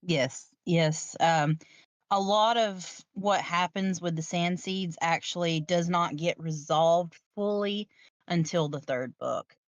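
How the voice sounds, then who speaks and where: A woman chatting slowly and agreeably about a book she enjoyed. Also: fairly low pitch, no echo. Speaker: book reviewer co-host. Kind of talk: casual chat. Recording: dull, dry lo-fi mic.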